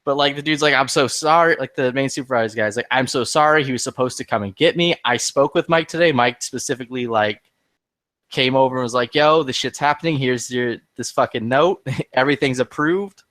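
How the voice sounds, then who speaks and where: A man's voice: medium pitch, a little fast, no echo. Profane man telling a heated story. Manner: profane, heated, animated retelling with quoted dialogue. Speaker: podcast regular. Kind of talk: casual chat, storytelling.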